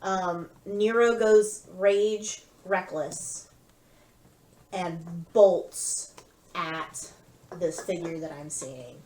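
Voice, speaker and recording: Slow-talking woman playing a tabletop game. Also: on the low side, a little mellow. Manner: hesitant, thinking aloud with "um". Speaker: player. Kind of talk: casual tabletop play. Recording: echoey room.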